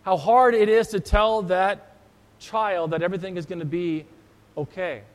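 Male pastor, high voice, conversational storytelling sermon, long church reverb. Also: steady tone, normal speed.

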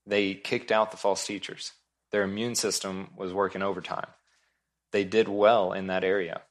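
A sermon comes from a man with a deep, low voice, earnest and emphatic at a normal speed and a level tone. He goes back over his main points for emphasis.

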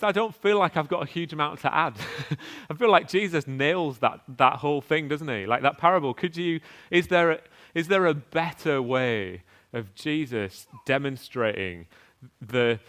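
A preacher gives a sermon in a smooth, resonant voice that is mid-range and fairly bright. He speaks earnestly and conversationally, reads scripture aloud, stumbles over the occasional restart, and poses rhetorical questions to the congregation.

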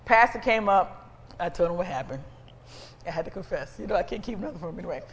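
A woman preacher giving a sermon with personal testimony, animated and conversational, calling out to the congregation. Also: on the low side, quick pace, big-room sound, slight background noise. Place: church sanctuary.

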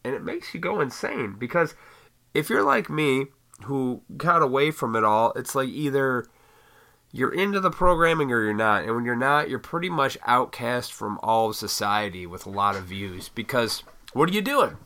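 A man with a cold, his voice raspy, hosting a solo podcast and ranting in a heated, profane way. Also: mid-range voice, big pitch swings, moderate pace, sharp tone. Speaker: podcast host.

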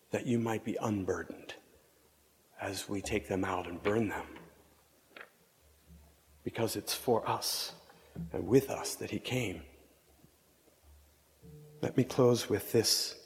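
A man with a lowish voice preaching a slow, meditative reflection, leaving long pauses between phrases. He is measured and contemplative and drops to near-whispers at times. Faint ambience sits behind him. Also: a little mellow, big-room sound, a little hiss or hum. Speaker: preacher leading a vigil reflection.

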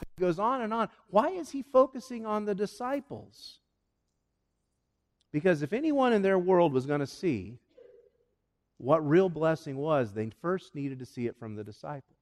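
Male pastor, slightly higher voice, lively sermon delivery with questions to the pews, reverberant church hall. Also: moderate pace. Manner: animated, conversational preaching with questions to the congregation. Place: church sanctuary.

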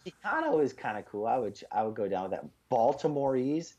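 A man's voice: mid-range voice, very animated, fairly quick, dull audio, a crowd in the background. A man co-hosting a casual chat, ranting in a sarcastic, profane way. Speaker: podcast co-host.

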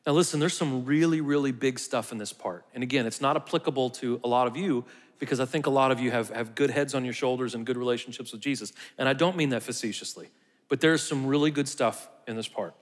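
A man's voice: mid-range voice, fast, in a large hall. A man preaching a conversational sermon, sometimes dropping to a near whisper for emphasis. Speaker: pastor.

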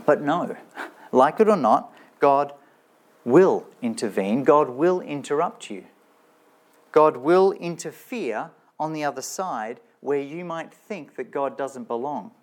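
A man's voice: on the high side, lively intonation, takes it slowly. A man preaching a sermon in a church, talking in a conversational way and asking his listeners rhetorical questions. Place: church with slides shown.

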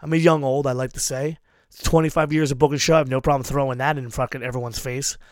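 A hardcore show booker in his forties fires off fast, emphatic advice full of constant cursing, pushing his points hard. His medium-pitched voice is steady and smooth, and the studio-quality audio has no echo.

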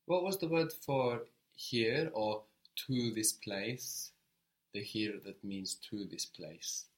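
Slow, patient male language teacher. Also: on the low side. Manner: patient, encouraging, slow and deliberate. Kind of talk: guided language lesson.

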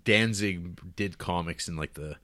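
A man co-hosting a podcast, talking quickly and enthusiastically with lots of restarts. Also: deep voice, a bit bright, no echo, studio quality. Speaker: podcast co-host. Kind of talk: casual chat.

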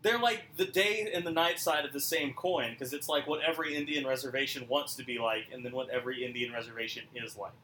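A man's voice: medium pitch, fast, few pauses, sharp tone, echoey room, a little hiss or hum. Joking man with a mixed Midwestern accent. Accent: mixed Midwestern and New England with British touches. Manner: joking, swears casually. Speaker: podcast host. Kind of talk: casual chat.

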